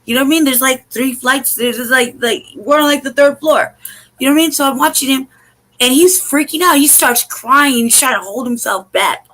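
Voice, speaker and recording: A woman with a high, fairly bright voice hosts an online show live from home, telling a story in casual, emphatic, profane talk and firing off rhetorical questions in rapid runs. The recording quality is rough.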